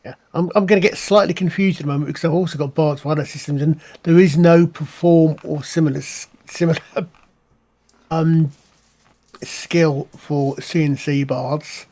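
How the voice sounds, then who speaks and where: A man playing a tabletop game with a slightly high voice. He hesitates and thinks aloud while he works out the rules for his character. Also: steady tone, normal speed, warm tone. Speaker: player. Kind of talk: casual tabletop play.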